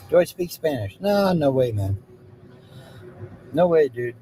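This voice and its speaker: A man hosting a livestream talks unhurriedly to his viewers. His voice sits a little high and mellow, and it swings widely up and down. He jokes playfully and keeps slipping into snippets of song. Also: big pitch swings, measured pace, pauses often, slight background noise, poor audio. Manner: joking, playful, drifts into sung snippets. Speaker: livestream host and singer. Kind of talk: casual chat with live viewers.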